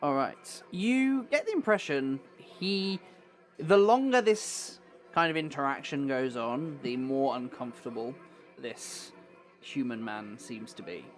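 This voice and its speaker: A man narrating as game master, describing scenes and non-player characters in a measured way. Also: mid-range voice, lively intonation, faint music behind.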